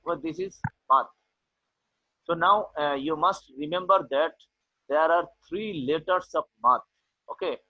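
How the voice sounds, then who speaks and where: A man teaching an online class, explaining slowly and repeating "okay" often, with a Bangladeshi English accent. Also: a little high, no echo. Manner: slow, repetitive explaining with many "okay"s. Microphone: video call. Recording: tinny online call audio.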